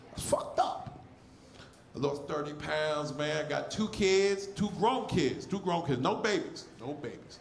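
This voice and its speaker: A man in his forties with a lisp, doing a loud, crude stand-up comedy set on stage, often shouting at the crowd. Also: fairly high pitch, lively intonation, a little slow, creaky, echoey room, slight background noise. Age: 40s.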